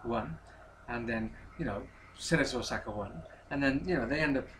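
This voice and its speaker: A man as a guest on a football podcast, rambling through explanations and dropping deadpan quips. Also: mid-range voice, fairly quick, slight background noise, poor audio. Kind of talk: casual football chat.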